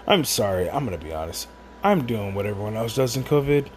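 A man's voice: fairly low pitch, sing-song, a little fast, a little hiss or hum. A man at home rambling through a casual monologue with many restarts and asides while he drinks.

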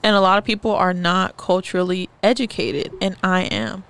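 A young woman chatting on a podcast with a gravelly, creaky edge to her voice. She talks outspokenly and slips into other people's voices when quoting them. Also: lowish voice, animated, normal speed, fairly bright tone. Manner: outspoken, acts out quoted voices. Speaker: podcast co-host. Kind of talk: casual chat.

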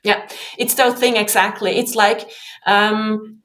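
Animated woman guest, lots of fillers. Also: mid-range voice, slow. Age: adult with three kids. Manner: animated, acts out inner voices, many fillers. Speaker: guest author. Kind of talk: conversational interview.

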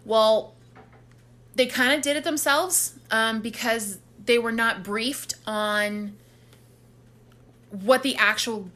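A woman with a bright, ringing voice talks through a film's plot in a relaxed podcast chat. She tells it with lively energy and slips into the characters' lines as she goes. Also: a little high, slow pace, pauses often. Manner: animated storytelling, acts out characters' lines. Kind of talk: casual movie recap chat.

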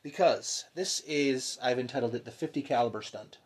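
A man co-hosting a casual podcast, telling stories in a lively, profane way. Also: mid-range voice, normal speed, slightly rough. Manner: animated, profane storytelling. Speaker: podcast co-host.

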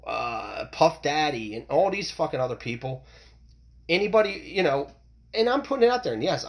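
A middle-aged man from the United States hosting a solo podcast, ranting in a heated, profane way with many restarts and repeated words. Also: medium pitch. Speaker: podcast host. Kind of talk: opinionated solo podcast rant.

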